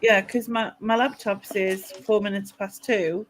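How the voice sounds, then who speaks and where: A woman's voice: mid-range voice, steady tone, unhurried, a little hiss or hum. A woman hosting a late-night group video chat, talking in a chatty, puzzled way and laughing often. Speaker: livestream host. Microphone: video call.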